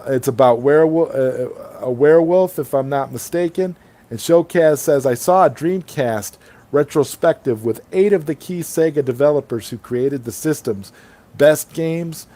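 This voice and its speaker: His voice is medium-pitched with a darkish tone as he hosts a laid-back late-night livestream over an online call. Between reading viewer comments aloud, he rambles on enthusiastically.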